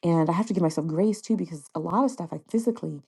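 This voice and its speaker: Low, gravelly woman chatting casually. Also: fast talker, warm tone. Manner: chatty and candid, many fillers and laughs. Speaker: podcast host. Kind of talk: casual solo podcast chat.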